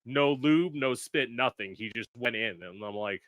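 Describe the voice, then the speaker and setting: Bright, blunt, animated podcast host man. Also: mid-range voice, normal speed, no room sound. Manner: blunt, profane and animated, acts out quotes. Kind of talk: casual podcast chat.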